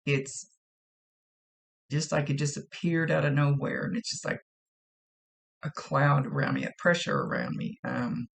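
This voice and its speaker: Gravelly-voiced woman giving a gentle psychic reading. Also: sits low, lively intonation, unhurried, pauses often. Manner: gentle, reassuring, repeats herself often. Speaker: psychic medium. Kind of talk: spoken psychic reading addressed to a viewer.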